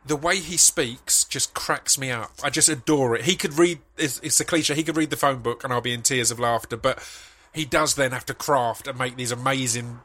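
A man hosting a casual podcast chat, his voice bright and forward. He gets eager as he talks, restarting words and stacking up his thoughts. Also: mid-range voice, moderate pace, hardly any pauses. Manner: enthusiastic, stumbles and repeats words.

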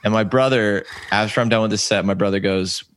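A man's voice: lowish voice, a little fast, fairly bright tone. A man in his thirties, a comedian, telling stories in a casual chat, rambling and stopping himself with many fillers. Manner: rambling, self-interrupting anecdotes with many fillers. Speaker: comedian guest.

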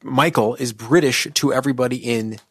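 A man's voice: medium pitch, brisk, a bit bright, husky, no echo, studio quality. A man co-hosting a podcast, dryly and exasperatedly critiquing a movie, with frequent restarts. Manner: wry, exasperated, stammering restarts. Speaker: podcast co-host. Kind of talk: casual movie review chat.

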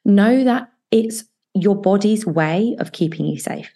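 A woman hosting a solo advice podcast as a coach, talking listeners through fear with reassuring words and slow guided breathing exercises. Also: mid-range voice, lively intonation, husky. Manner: warm, reassuring self-help delivery with slow guided breathing passages.

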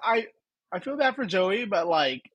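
High, sing-song and husky, this man's fairly bright voice keeps a measured pace. In his twenties, he co-hosts a podcast, giving a rambling, teasing, filler-heavy recap of an episode, heard in a dry, muffled recording.

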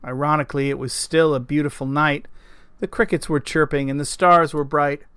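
Smooth-voiced male storyteller. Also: a little high, moderate pace, no echo. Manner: steady, even-paced reading. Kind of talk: scripted story narration.

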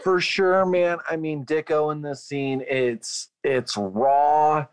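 A man's voice: fairly high pitch, fairly even intonation, slow, clear, resonant tone, dry recording. A man co-hosting a casual film discussion, talking bluntly with a lot of swearing. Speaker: podcast co-host.

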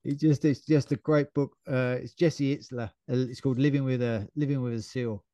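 Animated man telling stories. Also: mid-range voice, normal speed, muffled recording. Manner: animated storyteller, acts out quotes with shouts and laughs. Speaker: podcast co-host. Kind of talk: casual chat.

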